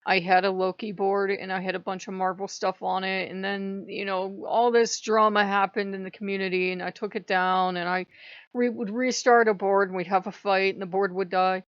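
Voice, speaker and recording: A woman chatting casually to her channel, animated and laughing often as she slips into mock voices. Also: mid-range voice, normal speed, clean tone, dry recording, dull audio. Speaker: YouTuber.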